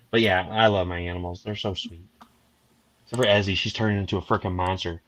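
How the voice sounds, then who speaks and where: A man hosts a relaxed live stream and chats about his week. He tells his stories with energy and slips into voices when he quotes people. His tone is bright and forward. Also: lowish voice, a little fast, long pauses, low-quality recording. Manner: animated storyteller, acts out quotes. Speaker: livestream host. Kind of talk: casual chat.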